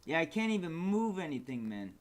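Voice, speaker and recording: A man streaming his game development, exasperated and cursing at the software as he works. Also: fairly high pitch, very animated, a little fast. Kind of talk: frustrated livestream commentary.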